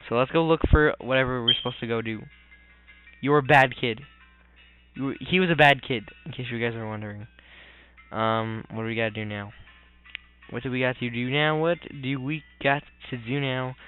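A man giving goofy, rambling commentary while playing a video game. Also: mid-range voice. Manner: goofy, rambling, mutters complaints. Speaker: let's player. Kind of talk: casual gameplay commentary. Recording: tinny lo-fi with faint game music.

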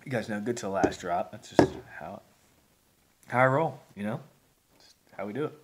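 A man's voice: fairly low pitch, animated, moderate pace, slight background noise. A man reviewing a beer on camera in a rambling, folksy way, with lots of fillers and restarts. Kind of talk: casual video review.

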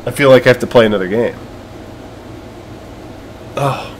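A man giving gameplay commentary who is teary and overwhelmed, halting and trailing off as he talks. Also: mid-range voice, a little hiss or hum. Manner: emotional, halting, trails off and restarts. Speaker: gaming video creator.

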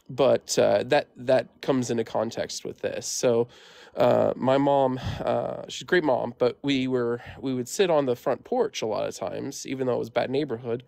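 Gravelly-voiced man telling a story. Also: medium pitch, darkish tone, dry recording. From Midwestern United States. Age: 30s. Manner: rambling, heavy use of "like" and "um" fillers. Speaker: caller sharing a paranormal story. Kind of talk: casual spoken storytelling.

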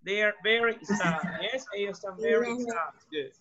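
A woman teaching English, slowly repeating phrases for students to echo and mixing in Spanish. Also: medium pitch, over a noisy crowd. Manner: switches between English and Spanish. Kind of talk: classroom drilling. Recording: dull lo-fi sound.

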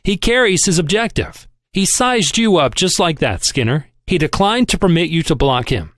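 In an audiobook reading, a man with a fairly high, bright voice plays a crusty, shrewd old shipping magnate, alternately barking, chirpy and teasing in a scolding mood. His intonation is lively at normal speed, recorded clean in a studio with no room sound.

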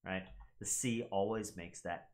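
A man's voice: deep voice, a little slow. A man who teaches Latin, explaining pronunciation in a casual, chatty way. He repeats words carefully to model them and talks straight to his viewers. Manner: animated, chatty, addresses viewers directly.

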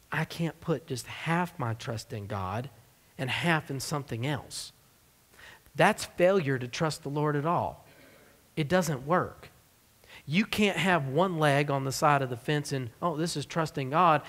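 A man's voice: on the high side, in a large hall. A man preaching a sermon as pastor of a church, in a conversational, joking style. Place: church sanctuary.

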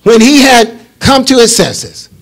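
A man, a bishop, leading a Bible study in a call-and-response preaching style that rises to shouts. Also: very high-pitched, big pitch swings, a little slow.

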